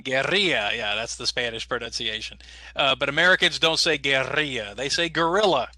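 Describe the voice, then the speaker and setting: A man teaching an English as a second language class over a video call, explaining patiently and slowly with lots of fillers. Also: mid-range voice, sharp tone. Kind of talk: online class instruction.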